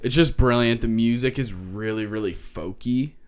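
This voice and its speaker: A man's voice: medium pitch, normal speed, smooth. A man co-hosting a podcast in loose casual chat, rambling with lots of fillers and restarts and casual swearing. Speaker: podcast co-host.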